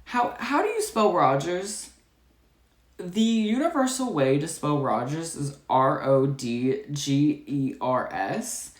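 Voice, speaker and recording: A woman telling a customer-service story in a chatty, rapid, animated way, full of filler words. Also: deep voice. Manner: chatty, full of "like" and "you know". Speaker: storytime vlogger. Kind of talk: casual storytelling. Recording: echoey room.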